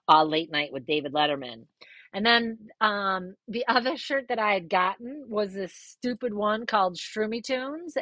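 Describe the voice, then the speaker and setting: A woman in her fifties casually telling a personal story, lively and swearing, jumping up in pitch when she quotes people. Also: dry recording, poor audio.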